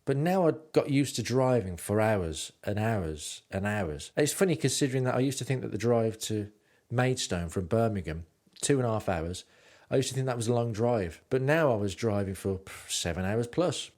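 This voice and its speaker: A man's voice: fairly low pitch, animated, normal speed, darkish tone. A man narrating his travel stories in a rambling, self-mocking way with lots of ums. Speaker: podcast host and narrator.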